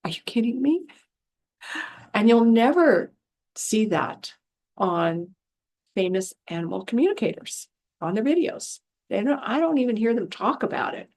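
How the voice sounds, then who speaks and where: A woman in a casual spoken monologue, middle-pitched with a gravelly, creaky edge to her voice. She tells stories in an unguarded, exasperated way and acts out the people she quotes. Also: darkish tone. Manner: chatty storyteller acting out quotes in changed voices; frank, exasperated asides. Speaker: animal communicator and spiritual healer. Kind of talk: casual talking-to-camera monologue.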